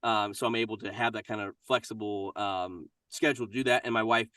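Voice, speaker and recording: A man's voice: lowish voice, steady tone, brisk, pushed and bright, no echo, clean studio sound, distant mic. A middle-aged man, a voice actor and minister, talking casually and energetically in an interview.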